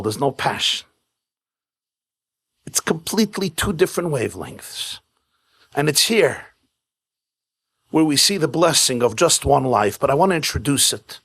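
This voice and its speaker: A man's voice: fairly high pitch, a bit bright. A man, a rabbi, giving a keynote sermon at a home event, mixing jokes with storytelling in short, punchy repeated phrases. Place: private home event with live audience.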